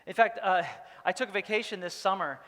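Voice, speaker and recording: Bright-voiced man preaching casually. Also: sits high, a little fast, big-room sound. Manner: casual, joking, rambling with many fillers. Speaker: pastor. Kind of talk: sermon. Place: church hall.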